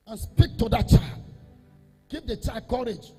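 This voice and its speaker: A man, a Catholic priest, preaching an emphatic sermon that repeats phrases and swells into half-sung, shouted lines. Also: high-pitched, expressive, fairly quick, breathy edge, in a large hall, faint music behind.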